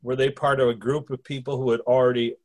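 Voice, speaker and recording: A man's voice: medium pitch, flat delivery, quick pace, darkish tone. A man hosting a conversation, asking long wandering questions full of restarts. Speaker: host interviewing a spirit through a medium. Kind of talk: casual interview talk.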